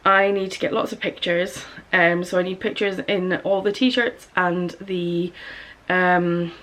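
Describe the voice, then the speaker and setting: A woman in her thirties chatting through a casual vlog as a small business owner, gushing and excitable with chatty asides. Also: on the low side, unhurried. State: out of breath in places. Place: home studio office.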